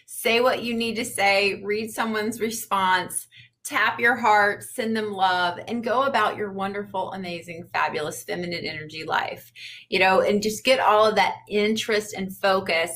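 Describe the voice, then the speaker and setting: A woman's voice: mid-range voice, moderate pace, fairly bright tone. A woman dating coach giving chatty, upbeat advice on a livestream, repeating points for emphasis.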